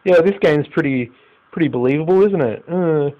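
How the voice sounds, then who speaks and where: Commentating live on a football management game, this Australian gaming YouTuber in his youth moves at a moderate pace, lurching from quiet mutters to loud outbursts full of swearing. The sound is lo-fi.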